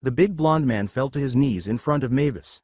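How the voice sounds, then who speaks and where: A man narrating a fan fiction story with steady storytelling. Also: medium pitch, normal speed, no echo, studio quality.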